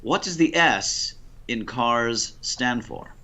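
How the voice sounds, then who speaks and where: A man with an American Ohio accent running a quiz, dry, deliberate and teasing. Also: mid-range voice, expressive, sharp tone. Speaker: quizmaster.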